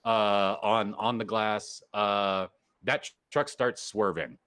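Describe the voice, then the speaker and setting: A man narrating as game master of a tabletop role-playing session, with a laid-back, drawn-out delivery. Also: lowish voice, fairly even intonation, fairly bright tone, smooth.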